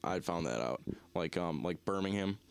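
A young man with a Northeastern US accent, co-hosting a casual podcast chat and rambling in halting sentences full of restarts. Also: low voice, animated, creaky, clean tone. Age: young adult. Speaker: podcast co-host.

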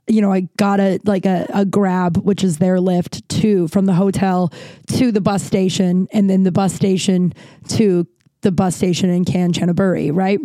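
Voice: mid-range voice, level tone, moderate pace, mellow, no room sound. A podcast host telling a travel story in a casual, rambling way, full of restarts and filler words, swearing freely.

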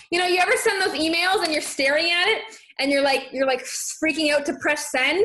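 In an echoey room, a young woman talks a little fast in a high-pitched voice while hosting a motivational live stream. She's energetic and encouraging as she reads comments from her viewers.

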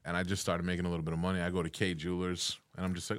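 A man's voice: sits low, monotone, rapid-fire, a little hiss or hum. A man hosting a podcast, chatting brashly with lots of swearing and acting out quoted voices. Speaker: podcast host. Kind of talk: casual chat.

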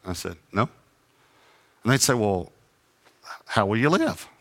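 A middle-aged man preaches, his voice fairly low yet bright and forceful. He tells a story from the pulpit and acts out both sides of the dialogue, poking fun at himself as he goes. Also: measured pace. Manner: animated anecdotes with acted-out dialogue and self-deprecating humor. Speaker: traveling preacher. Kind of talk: sermon storytelling.

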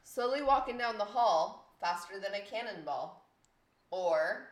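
A woman's voice: medium pitch, a little slow. A woman hosts a casual podcast game, reading lines aloud and teasing the players. Her voice sits in a middle register. The room around her is roomy and echoey. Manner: teasing quizmaster reading out lyrics. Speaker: game host.

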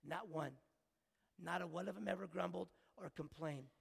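A man preaching a sermon as a story, earnest and emotional, halting with restarts. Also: high voice, creaky, slightly rough. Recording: long hall reverb.

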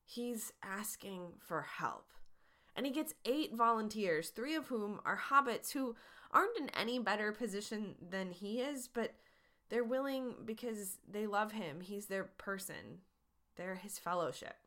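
A woman's voice: mid-range voice, expressive, measured pace, bright, forceful tone. A woman hosting a podcast, answering listener questions in an earnest, encouraging, conversational way. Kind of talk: casual advice talk.

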